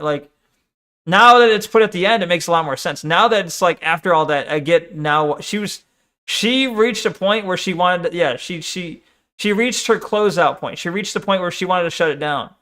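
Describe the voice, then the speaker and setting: A man with a high voice talks casually over a video he is watching. He rambles, mocks and mimics what he hears with a sarcastic edge. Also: normal speed, bright, forceful tone. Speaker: streamer reacting to a debate video. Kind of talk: casual reaction commentary.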